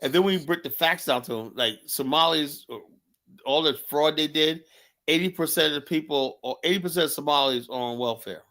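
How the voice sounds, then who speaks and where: A man's voice: fairly high pitch, a little fast, bright, forceful tone. Emphatic American man, "you know?" habit. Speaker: show host. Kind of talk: casual opinion talk.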